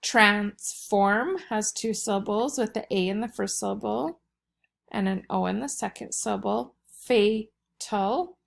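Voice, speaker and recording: A woman teacher giving a recorded vocabulary lesson for children, explaining slowly and patiently. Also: mid-range voice, gravelly.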